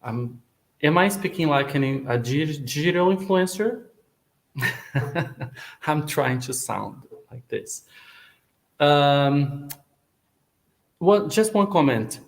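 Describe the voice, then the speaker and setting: Slow-speaking Brazilian man hosting a stream. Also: fairly high pitch, animated. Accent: Brazilian Portuguese. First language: Portuguese. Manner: friendly, stumbling restarts. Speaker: English teacher hosting a live stream.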